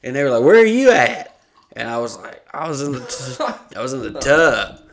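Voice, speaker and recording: A young man talks loosely on a podcast, swearing freely as he winds through a long story. His voice sits at an everyday middle pitch. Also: a little fast, a bit bright. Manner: profane, rambling anecdote with lots of fillers. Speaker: podcast host. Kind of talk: casual storytelling chat.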